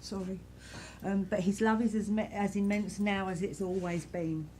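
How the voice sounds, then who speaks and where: A woman leading a church service as a medium, addressing people in the congregation with a gentle, reassuring manner. Her voice sits at a middle pitch and she often circles back with soft repeats and fillers. A faint hum of noise lies behind her. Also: steady tone, moderate pace. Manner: gentle, reassuring, repetitive, many "you know"s. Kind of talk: giving spirit messages to a congregation.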